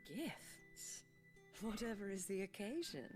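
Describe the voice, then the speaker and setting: An actress voicing an elegant, languid noblewoman who teases gently and speaks with grace in a video game. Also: mid-range voice, very animated, music in the background. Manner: slow, teasing and gracious. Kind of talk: game voice acting.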